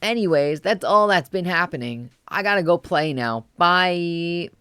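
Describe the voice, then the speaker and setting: A streamer voicing a young boy reading an excited diary entry aloud, in a loud, gushing voice. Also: mid-range voice, a little slow, clean tone, dry recording, voice pushed up.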